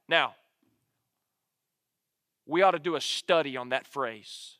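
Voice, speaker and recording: Bright, high-voiced preacher. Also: male voice, sing-song, a little slow, long pauses, no echo, studio quality, big-room sound. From Alabama, United States. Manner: earnest preaching, repeats key lines for emphasis. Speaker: pastor. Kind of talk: sermon.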